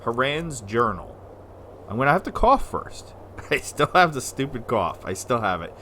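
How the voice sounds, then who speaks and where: A man from the United States giving casual, rambling let's-play commentary as a gaming video host, sometimes slurring syllables when excited. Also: mid-range voice, moderate pace, slight background noise. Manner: rambling, chatty, self-deprecating.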